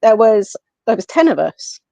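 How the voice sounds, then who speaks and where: A woman with an English accent, a guest on a podcast, telling a personal story in a casual, animated way and acting out what others said. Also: mid-range voice, normal speed, gravelly, no echo. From England. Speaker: guest, medium and paranormal investigator. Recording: slightly muffled, dry lo-fi audio.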